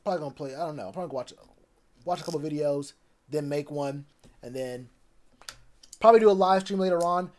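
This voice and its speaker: A man's voice: on the high side, brisk, pauses often, a little mellow. A man chatting loosely on a live stream about football, rambling with plenty of fillers. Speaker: sports streamer. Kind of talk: casual live stream chat.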